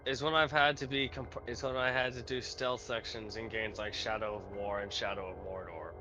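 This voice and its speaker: A man's voice: fairly low pitch, fairly even intonation, moderate pace, highs cut off, music in the background. A man player talking casually about video games in a blunt, emphatic way.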